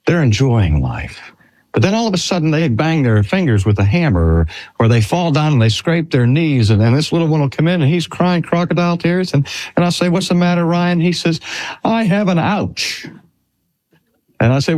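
An older man preaching a sermon in a slow, earnest way with drawn-out emphasis. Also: fairly high pitch, darkish tone. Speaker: pastor.

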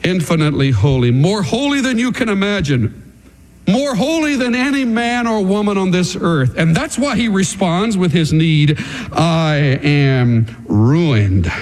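A man preaching a sermon to his congregation in an animated, dramatic way. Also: sits high, moderate pace. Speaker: pastor.

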